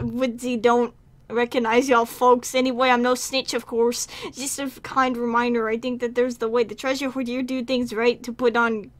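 A woman's voice: on the high side, lightly acted. A woman putting on an exaggerated drawl to read a sly thief's letter aloud, stumbling over words. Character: folksy thief writing a letter, sly and showy. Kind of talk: mock reading aloud.

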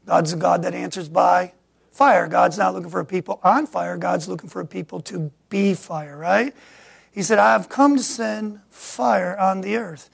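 Middle-aged pastor guy from michigan, high gravelly voice, preaching loud then dropping quiet. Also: fairly even intonation, moderate pace. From Michigan, USA. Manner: preaching with sudden loud rises and quiet asides. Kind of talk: sermon.

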